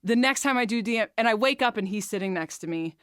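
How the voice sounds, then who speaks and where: A woman's voice: fairly high pitch, expressive, fast talker, clean tone, no room sound, studio quality. A woman hosting a podcast, telling a candid, emotional personal story, swearing freely and talking openly about her feelings. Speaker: podcast host.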